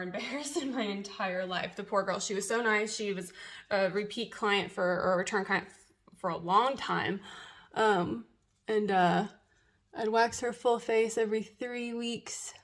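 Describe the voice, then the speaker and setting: A young woman, a waxing professional, giving a casual tutorial in a chatty, nervous way, laughing often. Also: medium pitch. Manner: drops to a whisper while waxing herself.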